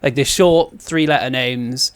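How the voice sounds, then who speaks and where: A man co-hosting a casual podcast chat, animated and laughing often as he acts out scenes. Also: mid-range voice, a little slow, clean tone. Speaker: podcast co-host.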